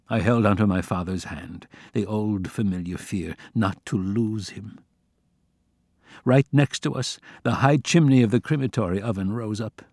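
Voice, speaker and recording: A man reading a first-person memoir aloud in a measured, somber, restrained way. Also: fairly low pitch, darkish tone, no room sound, studio quality. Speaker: audiobook narrator.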